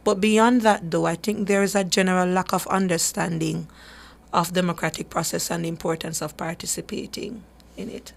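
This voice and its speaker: A woman's voice: lowish voice, fairly even intonation, normal speed, gravelly. A woman hosting a radio talk show, speaking earnestly and emphatically, often repeating words as she gathers her thoughts. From Jamaica. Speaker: radio show host for a human rights group.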